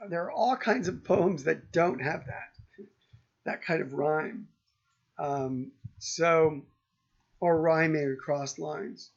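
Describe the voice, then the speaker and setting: A male lecturer talks through a poem in a slow, unhurried way, often stopping and restarting his sentences. His voice sits fairly high for a man. The recording is dull and a little lo-fi. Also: gravelly. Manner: halting, many ums and restarts, slow and thoughtful. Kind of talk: university lecture.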